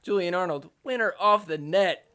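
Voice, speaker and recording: A young man hosting a podcast, recapping match footage in a joking, excitable way with mock outrage. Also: sits high, normal speed. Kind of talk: casual sports recap commentary.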